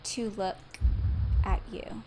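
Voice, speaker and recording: A woman streaming a game live, reacting excitably, swearing and talking to her chat. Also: medium pitch, takes it slowly, noisy background. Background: game music.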